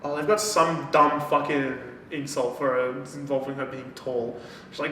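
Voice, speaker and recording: A man co-hosting a podcast in casual chat, retelling a book's plot with lots of swearing and quick acted-out lines. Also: mid-range voice, fairly even intonation, bright, forceful tone, far from the mic. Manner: swears a lot, acts out characters' lines. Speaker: podcast co-host. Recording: echoey room, off-mic, faint noise.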